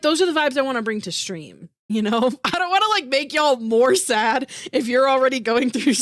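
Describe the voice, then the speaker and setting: A bubbly woman streamer with a high voice chats with her live audience, full of giggles and "like" fillers. She gets emotional easily and rises into teary squeals. Her voice sounds close and dry, with no room around it. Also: no room sound. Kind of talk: casual live-stream chat with viewers.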